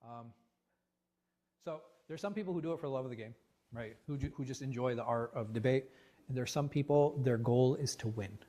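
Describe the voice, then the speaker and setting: A man leading a religious class discussion as imam, animated and full of rhetorical questions, often restarting his words. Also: mid-range voice, brisk. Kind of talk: interactive religious class talk. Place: mosque class room.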